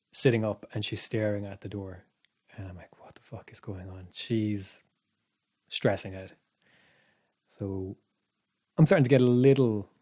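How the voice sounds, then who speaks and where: A man casually telling a spooky story on a podcast, rambling with restarts and dropping to a hush for his own thoughts. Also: fairly low pitch. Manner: rambling, restarts, quiet asides when recalling his thoughts. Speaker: podcast co-host.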